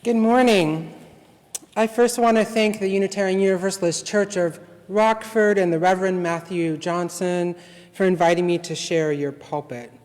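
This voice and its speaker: A man serving as guest minister, reading a litany and a poem aloud in worship with a slow, measured, solemn delivery. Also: high-pitched, steady tone, darkish tone. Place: church sanctuary. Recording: long reverb from a large hall.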